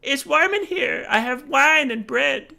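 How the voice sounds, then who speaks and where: A man's voice: extremely high pitch, animated, a little slow, creaky, bright, forceful tone, pitched above the performer's own voice, heavily acted. A man voicing a whiny, cowardly male army leader who refuses to leave his city. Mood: whiny scared. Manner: whining, pleading.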